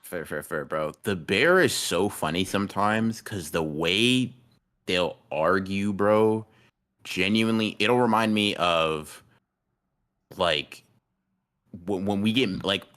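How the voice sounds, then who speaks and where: Young male co-host, very low voice, loose slangy banter. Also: slow pace, fairly bright tone. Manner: slangy, laughing, says "bro" a lot. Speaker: podcast co-host. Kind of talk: casual chat.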